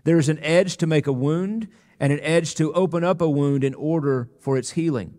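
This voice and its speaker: A man preaching a sermon as pastor, earnest and emphatic, slowing down on key words. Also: on the high side, darkish tone. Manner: earnest, emphatic preaching with slow, weighty pauses. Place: church sanctuary. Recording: long reverb of a church hall.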